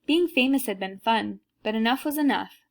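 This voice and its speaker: A woman's voice: a little high, normal speed, gravelly. A woman reading a children's book aloud, narrating plainly and unhurriedly with small slips.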